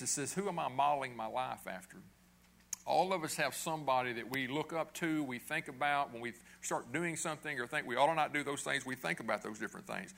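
A man's voice: medium pitch, brisk, creaky, a bit bright. A middle-aged pastor preaching a sermon in a conversational way, asking his listeners questions and checking in with "okay?".

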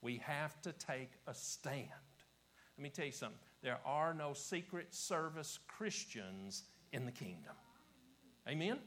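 A man with an Appalachian accent preaches a revival sermon to a church congregation, swinging between shouts and hushed whispers and repeating his phrases. His mid-range voice is animated and moves at normal speed, though the audio quality is poor.

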